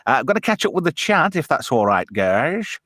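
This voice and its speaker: An English man hosting a loose late-night chat, swearing and laughing as he reads comments aloud. His pitch swings up and down a lot. The sound is dry and close, with no room around it. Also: big pitch swings, a little fast, a bit bright, no echo. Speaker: podcast host. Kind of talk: casual chat.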